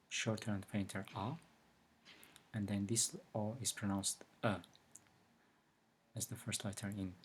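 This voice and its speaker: Husky man teaching a language lesson. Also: fairly low pitch. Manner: slow, careful explanations with example words.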